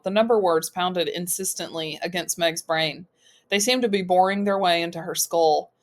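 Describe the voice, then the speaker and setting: A woman narrates a novel as an audiobook reader. Her voice sits fairly low, and she raises pitch and loudness when she speaks for the characters. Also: moderate pace. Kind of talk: reading a novel aloud.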